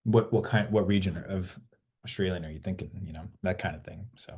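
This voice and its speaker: Deep-voiced man chatting loosely. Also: a little fast, darkish tone. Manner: rambling, many restarts and swearing. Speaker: actor guest. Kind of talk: casual interview chat.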